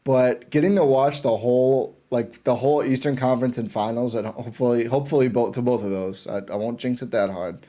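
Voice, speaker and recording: A man guesting on a sports podcast, talking like an excited fan and often restarting his sentences. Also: medium pitch, brisk, few pauses. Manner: enthusiastic fan, rambling with restarts. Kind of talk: casual sports chat.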